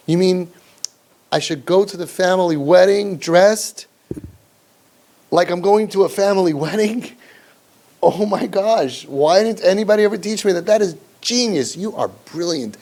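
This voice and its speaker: A man's voice: fairly high pitch, warm tone. A man playing a sarcastic grown child who gushes in exaggerated mock awe at obvious parental advice.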